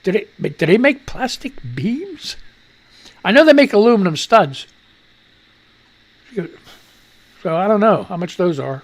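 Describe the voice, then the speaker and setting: A man's voice: high voice, sing-song, normal speed, gravelly. A man hosting a radio show, reading news items and breaking off into crude, mocking asides. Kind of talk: casual news commentary.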